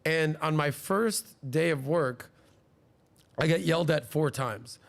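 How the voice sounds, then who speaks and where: A man in his forties hosts a podcast, casually telling stories and animatedly acting out the voices of the people he quotes. His voice is fairly high, slow, and gravelly.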